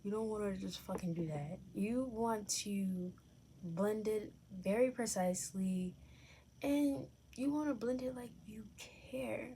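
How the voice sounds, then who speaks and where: A woman's voice: medium pitch, measured pace, dark tone, a little hiss or hum. A young adult woman casually talking through a makeup tutorial at home, chatty and candid, correcting herself as she goes. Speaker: makeup vlogger.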